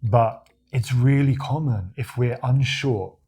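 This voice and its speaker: A man from Australia with a deep voice, coaching viewers on confident speaking in a demonstrative, animated way. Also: takes it slowly, slightly rough. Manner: demonstrative, animated, acts out examples with his voice. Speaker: communication coach. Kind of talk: talking-head tutorial to camera.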